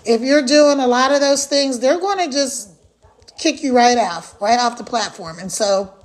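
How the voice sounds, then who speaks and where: High-voiced chatty woman livestreaming. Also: normal speed. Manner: chatty, animated, addresses viewers directly. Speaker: livestream host. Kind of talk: casual livestream chat.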